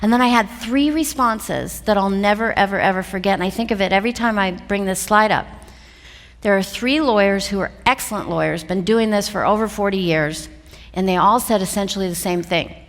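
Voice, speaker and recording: Animated middle-aged woman in a reverberant hall. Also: mid-range voice, fairly quick. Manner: animated, expressive, often laughing. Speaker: seminar speaker. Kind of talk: personal story told on stage. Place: event hall.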